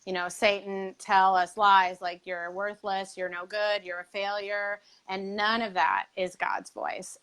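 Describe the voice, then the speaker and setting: A woman co-hosting a live faith-based weight loss coaching chat, speaking in a gentle, encouraging way. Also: fairly low pitch.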